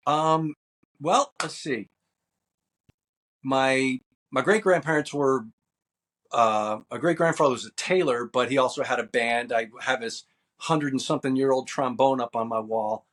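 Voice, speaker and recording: A man's voice: medium pitch, measured pace, a bit bright. A man in his fifties from New Jersey, an actor and stuntman chatting easily as an interview guest, rambling with fillers. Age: 50s. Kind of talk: casual interview.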